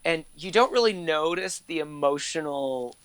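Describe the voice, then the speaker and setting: A man in his thirties talks freely as an interview guest, stringing stories together with plenty of "like" and the odd casual swear. His voice is fairly high and bright, with a forward edge. It is recorded close and dry, with no room sound. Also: animated, normal speed, clean tone, no echo. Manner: chatty, heavy use of "like", swears casually. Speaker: interview guest, actor and former court reporter. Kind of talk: casual conversational storytelling.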